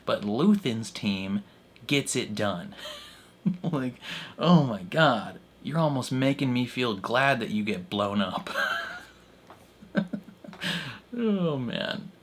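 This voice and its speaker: A young man hosting a reaction video, rambling in excited casual commentary with frequent laughs and fillers. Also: medium pitch, slow, pauses often, a little hiss or hum.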